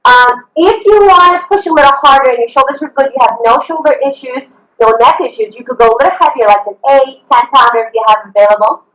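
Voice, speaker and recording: A woman's voice: sits high, quick pace, few pauses, fairly bright tone, echoey room, poor audio. A woman fitness coach leading an online workout, upbeat and encouraging, counting reps and whooping, a little out of breath. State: slightly out of breath. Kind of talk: live online workout instruction.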